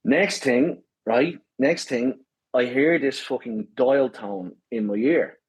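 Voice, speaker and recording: A man's voice: mid-range voice, takes it slowly, breathy edge, dry recording, rough recording. A man telling a story with lots of swearing and repeated "right?". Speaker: guest runner. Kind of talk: animated storytelling.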